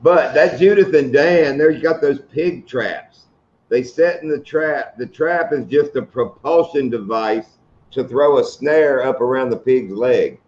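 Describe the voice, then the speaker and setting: A man's voice: mid-range voice, a little slow, darkish tone, lo-fi sound. A middle-aged man hosting a live stream, chatting casually and telling funny stories. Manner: joking storyteller, laughs at his own stories. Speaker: host of a fishing channel live stream.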